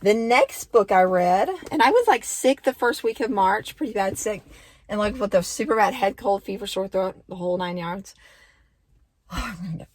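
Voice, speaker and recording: Woman, thirties, chatty book vlogger, gushing, filler-heavy talk, mid-pitched voice. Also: normal speed, a little mellow, a little hiss or hum. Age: 30s. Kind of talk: casual book review chat.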